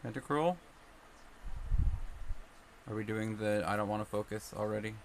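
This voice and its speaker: Anxious, gravelly-voiced young man. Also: fairly low pitch, moderate pace, a little hiss or hum. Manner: mumbly, anxious, talking to himself while sorting cards. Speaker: streamer. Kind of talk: casual live-stream chat.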